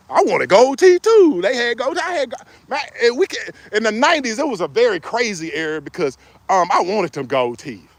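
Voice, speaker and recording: High-pitched, animated middle-aged man. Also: no echo. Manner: animated, joking, preachy. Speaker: relationship advice vlogger. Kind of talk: casual advice monologue.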